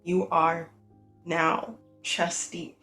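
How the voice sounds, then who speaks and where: A storyteller narrating a tabletop role-playing game in a soft, halting way with many fillers. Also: mid-range voice, little pitch movement, vocal fry, faint music behind.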